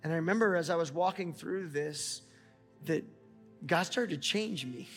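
A pastor in his forties preaches with fervor and his voice sits on the higher side. He climbs into near-shouted prayers, and the long reverb of a large church hall rings around him with soft music underneath. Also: normal speed. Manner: impassioned, rising to near-shouts, talks to God aloud. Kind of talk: sermon. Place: church auditorium.

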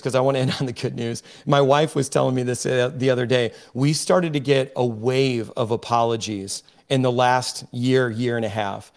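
A man speaking as a podcast guest, emphatic and preachy, often restarting his sentences as he builds his point. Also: mid-range voice. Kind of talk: impassioned podcast discussion.

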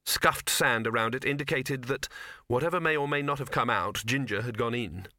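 A man reading a comic fantasy novel aloud as an audiobook narrator, measured and wry. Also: mid-range voice, pushed and bright, no room sound, studio quality. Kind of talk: scripted narration.

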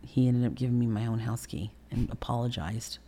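Interview guest: woman in her sixties, very low gravelly voice, blunt, profane storyteller. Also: fairly even intonation, brisk, warm tone. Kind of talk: candid storytelling in a podcast interview.

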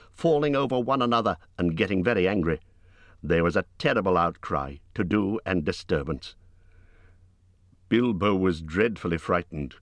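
A deep-voiced man tells an audiobook story in a measured, expressive way, and the audio carries no echo.

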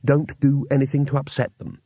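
Man voicing a weary wizard, exasperated, husky low grumble, dry close sound, audiobook character. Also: flat delivery, brisk, mellow, dry recording, close to an everyday voice. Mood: urgent. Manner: tired, grumbling, impatient.

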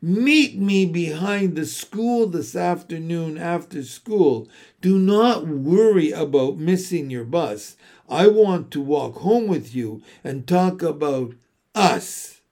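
A man's voice: high-pitched, animated, slow pace, voice pushed up. A man reading aloud voices a bold, inventive young girl who dictates with eager emphasis. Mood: bossy, eager.

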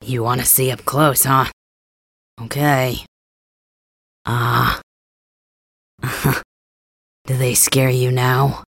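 Man as a blunt, grumbling young male cat hybrid for an ASMR role-play; slow delivery, husky, dry and close. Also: medium pitch, level tone, fairly bright tone, no echo, exaggerated voice. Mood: gruff teasing.

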